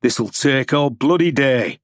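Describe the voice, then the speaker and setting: A man's voice: medium pitch, animated, takes it slowly, no room sound, studio quality. A man voicing a stubborn, surly army rifle officer who speaks curtly. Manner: curt and surly.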